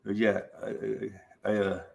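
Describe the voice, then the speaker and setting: A man's voice: fairly low pitch, little pitch movement, creaky. A middle-aged American man hosting a casual, rambling chat, swearing freely and laughing between thoughts. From United States. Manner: swearing, laughs often, drawn-out slow talk. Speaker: livestream host.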